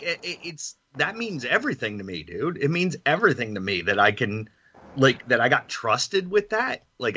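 A man, a wrestling promoter, talking earnestly on a podcast with many halting restarts. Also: mid-range voice, sharp tone, muffled recording. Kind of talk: casual podcast chat.

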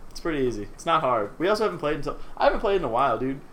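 A man's voice: a little high, big pitch swings, rapid-fire, a bit bright, slight background noise. A young man with a slightly raised voice chatting and joking on a homemade podcast. He leans hard on "dude" and laughs often. He sounds a little distant, picked up by one desk mic several feet away in a small apartment. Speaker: podcast co-host. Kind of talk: casual chat. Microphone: one shared desk mic about three feet away.

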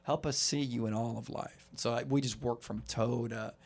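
A man's voice: mid-range voice, fairly even intonation, normal speed, a little mellow. A man hosting a faith podcast, affirming his guest and telling family stories in a casual conversational way. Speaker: podcast host.

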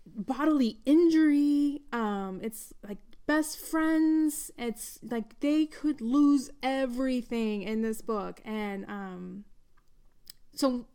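A woman's voice: sits high, mellow. A woman hosting a podcast, interviewing a guest in a chatty, casual way with many fillers. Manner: chatty, laughs often, filler-heavy. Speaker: podcast host.

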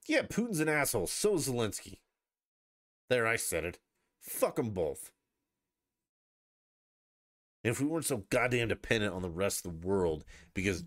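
A podcast host delivers a casual, combative political rant, swearing heavily and sarcastically mocking opponents with put-on voices. His voice sits low yet is a bit bright and sing-song, fairly quick. The studio sound is clean with no echo.

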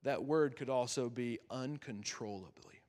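A man preaching as a youth pastor, earnest and conversational, with dramatic pauses that drop to a near-whisper. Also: mid-range voice, darkish tone. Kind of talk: sermon. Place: chapel. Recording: long chapel reverb.

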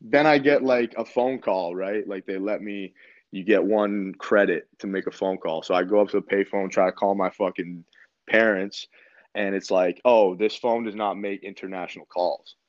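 A man in his twenties from Canada tells a story in a relaxed, rambling way, swearing constantly and saying "like" all the time. His voice sits on the low side. The recording is dry and a little dull. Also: moderate pace, no room sound. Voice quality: laid-back, heavy swearing, lots of "like". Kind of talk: casual storytelling.

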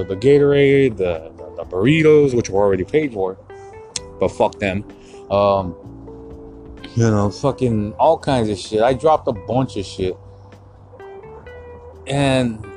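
A male podcast host ranting through a story, swearing freely and getting heated. His voice sits at a middling pitch, and faint music plays somewhere behind him. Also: darkish tone. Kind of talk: casual podcast rant.

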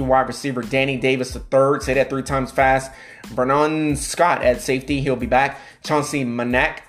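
A man hosting a casual sports podcast. He reads off player names and positions in a steady list, hesitates over hard names with "um", and drops in quick asides. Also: medium pitch. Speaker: podcast host.

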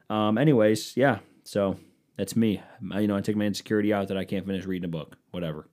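A male podcast host riffing alone in a lowish voice. He rambles from tangent to tangent, swearing freely and poking fun at himself. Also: fairly even intonation, brisk, darkish tone. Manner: rambling, profane, self-mocking. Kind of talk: solo comedic podcast rant.

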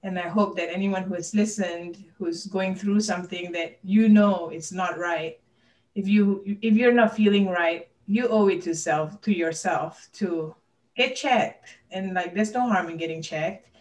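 A woman's voice: on the low side, measured pace, darkish tone, recorded from a distance, poor audio. A woman talking candidly and earnestly as a podcast guest, open about her personal struggles.

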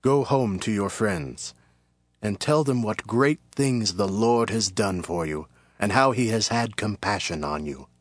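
A man voicing Jesus as a calm, authoritative teacher with a slow, solemn, commanding delivery in a dramatized scripture reading. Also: fairly low pitch, no echo. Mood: gentle, solemn.

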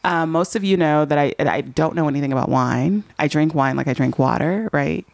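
A woman hosting a podcast interview in casual chat, animated and repeating words for emphasis. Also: low voice, brisk, creaky, no room sound. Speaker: podcast host.

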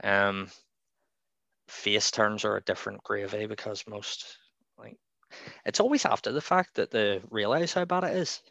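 A man's voice: on the low side, measured pace, creaky, pushed and bright, no room sound. A man co-hosting a podcast, chatting casually with a rambling, opinionated manner and frequent laughs. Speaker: podcast co-host. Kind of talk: casual chat.

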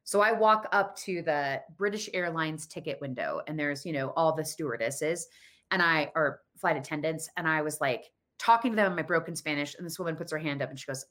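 A woman's voice: low voice, fast, a bit bright. A woman in her thirties telling a personal story in casual conversation, acting out the dialogue in quoted voices.

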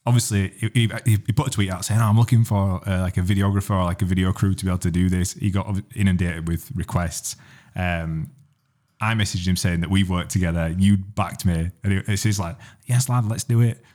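A man's voice: deep voice, little pitch movement, brisk, darkish tone. A young man co-hosting a podcast, chatting in a teasing, storytelling way. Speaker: podcast co-host. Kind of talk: casual chat.

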